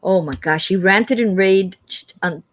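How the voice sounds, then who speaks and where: A woman co-hosting a livestream, telling a lively story in casual chat and acting out the quoted lines with big jumps in pitch. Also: a little slow, no room sound. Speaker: livestream co-host.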